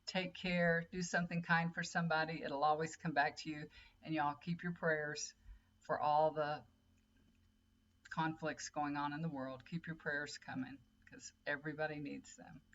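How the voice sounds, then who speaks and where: A woman's voice: low voice, little pitch movement, moderate pace, a bit bright. Chatty middle-aged woman, muffled. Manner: rambling, chatty, talks straight to viewers. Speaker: tarot reader and energy healer. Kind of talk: casual chat to viewers. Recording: dull lo-fi audio with faint hum.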